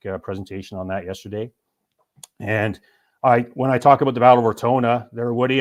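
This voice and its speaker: A man, a military historian and urban operations instructor, giving a detailed, explanatory presentation as a guest to the show's host. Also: lowish voice.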